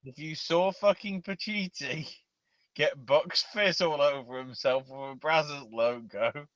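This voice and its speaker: Slow-talking guy cracking crude jokes, bright edge, dead dry room. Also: a little high, no room sound, lo-fi sound. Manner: crude, joking, trailing off. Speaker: podcast co-host. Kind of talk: casual chat.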